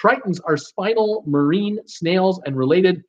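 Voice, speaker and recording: Middle-aged male stream host, high-pitched, chatty and jokey, dull lo-fi home mic. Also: unhurried. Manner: chatty, jokey, reads comments aloud with bursts of laughter. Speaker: host of a live cruise show. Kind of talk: casual live chat reading viewer comments.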